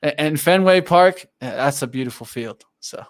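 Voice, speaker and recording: A man's voice: fairly high pitch, lively intonation, normal speed. A man hosting a livestream, chatty and hesitant, restarting his sentences often. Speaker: livestream host. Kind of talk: casual livestream talk.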